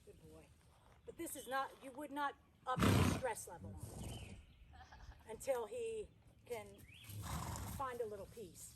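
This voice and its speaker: High-voiced chatty woman outdoors with horse. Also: expressive, measured pace, pauses often, very noisy. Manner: chatty, breaks off to praise the horse. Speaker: horse trainer. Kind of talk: storytelling while working a horse. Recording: outdoor ambience with horse noises.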